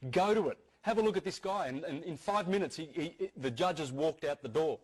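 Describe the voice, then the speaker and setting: Husky man lecturing earnestly. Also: fairly high pitch, fairly quick, darkish tone. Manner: earnest, repeats key phrases and restarts often. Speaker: speaker giving a talk. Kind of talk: lecture-style talk to an audience.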